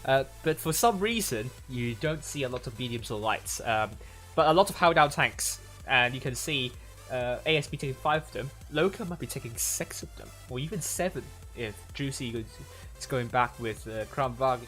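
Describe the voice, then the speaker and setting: A man casting an esports match on a livestream, his pitch sitting in an ordinary middle range. He talks in a loose, rambling way, stumbling over words and restarting often. Faint music plays underneath. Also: expressive, a bit bright. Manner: rambling, halting, many fillers and restarts. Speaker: stream caster. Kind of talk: live esports commentary.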